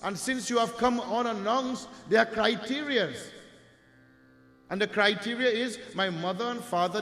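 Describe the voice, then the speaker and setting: A man doing a calm, firm divine boy. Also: high voice, reverberant, in a large hall, voice pushed up. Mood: patient. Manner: patient, firm, instructive. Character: calm, wise divine boy guarding a door.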